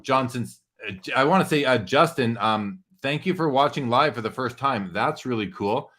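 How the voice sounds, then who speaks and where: A man's voice: mid-range voice, moderate pace, fairly bright tone. A man hosting a live sports card show, talking earnestly and reflectively with his guest and reading viewer comments.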